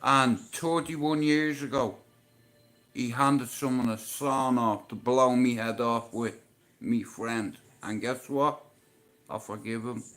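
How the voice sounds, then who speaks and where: A man's voice: fairly even intonation, slow pace. A man hosting a livestream, telling a personal story in a casual, emotional way and swearing often. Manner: emotional, swears often, swings between low and loud. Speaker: livestream host.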